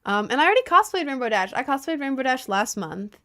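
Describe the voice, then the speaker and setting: A woman's voice: sits high, fast talker. Rambling young woman streamer chatting. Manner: rambling, heavy on fillers and repeats; animated, slangy and emphatic. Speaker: livestreamer reading chat. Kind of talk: casual stream chat.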